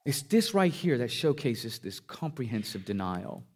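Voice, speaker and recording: A male pastor delivering a sermon in an average-pitched voice. He tells the scripture story with lively emphasis, his voice climbing for stress and sinking low and quiet on the heavy lines. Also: measured pace. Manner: dynamic preaching, pitch rising for emphasis and dropping low on key lines.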